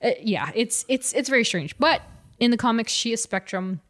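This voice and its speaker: A woman co-hosting a podcast, casually recapping a comic story with lively storytelling, frequent laughs and fillers. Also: on the high side, moderate pace. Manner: animated storytelling, laughing often, many fillers. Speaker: podcast co-host.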